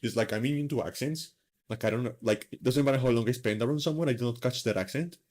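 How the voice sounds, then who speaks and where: A man's voice: medium pitch, fast, darkish tone. A man hosting a live stream, chatting casually in a rambling, self-mocking way with lots of fillers. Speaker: streamer host.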